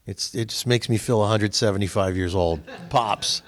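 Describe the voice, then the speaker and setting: An older man, the host, chatting casually and telling animated stories that grow louder and higher as he gets going. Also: normal speed. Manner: animated storyteller, voice rising as he tells stories. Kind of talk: casual chat.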